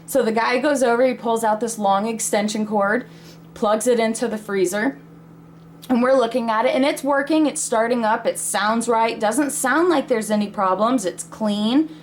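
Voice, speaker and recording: A woman's voice: fairly high pitch, normal speed, a little hiss or hum. A woman in her thirties telling a family story in a chatty, casual way with laughs between lines.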